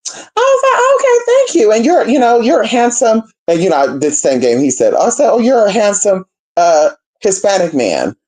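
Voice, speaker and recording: A young woman telling a story to her viewers in a casual, profane, animated way, calling them y'all and girl. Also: medium pitch, moderate pace. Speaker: spiritual practitioner.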